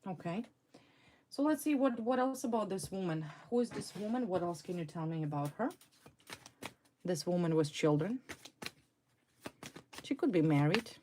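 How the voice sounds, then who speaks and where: A woman with a low-pitched voice gives a tarot card reading for her viewers. She speaks with emphatic indignation and keeps repeating her key words for weight. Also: lively intonation, moderate pace, pauses often, dark tone, a little hiss or hum. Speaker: tarot reader.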